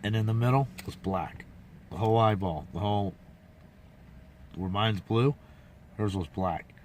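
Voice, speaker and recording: A man with a low voice rambles through a folksy story, doubling back and adding asides as he goes. A faint hiss of noise and passing vehicles sits under the recording. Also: measured pace, a little mellow. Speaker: vlogger. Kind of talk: casual rambling monologue.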